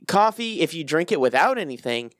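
A man's voice: a little high, big pitch swings, a little fast, no room sound, clean studio sound. A man chatting on a podcast, explaining at length and swearing, acting out his own inner voice. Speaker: podcast co-host. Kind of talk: casual profane chat.

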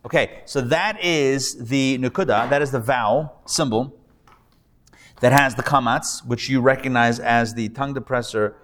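A rabbi with a medium-pitched, somewhat bright voice moves at a moderate pace as he patiently has students practice Hebrew pronunciations. The class is live, held in a classroom hall before an audience, and recorded with noticeable reverb.

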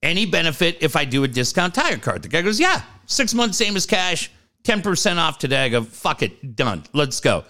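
A man's voice: high voice, big pitch swings, brisk, sharp tone. Ranting, profane middle-aged man. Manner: ranting, swears constantly, acts out other people's lines. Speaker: co-host telling a story. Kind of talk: profane casual storytelling.

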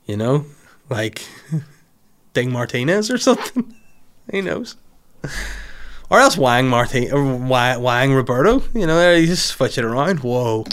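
A young man with a Northern Irish accent, chatting loosely on a podcast with a medium-pitched voice. He wanders through a long, crude anecdote and keeps breaking into quick acted-out dialogue. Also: sing-song, fairly bright tone. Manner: rambling, crude storytelling with acted-out quotes. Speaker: podcast host. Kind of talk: casual podcast chat.

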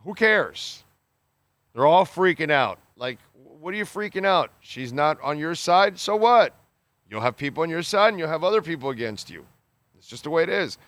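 A man with a fairly high, very animated, slightly bright voice reads listener comments on his podcast, captured on a dry recording. He responds in blunt, exasperated casual chat, swearing freely, restarting his sentences haltingly, and using many fillers.

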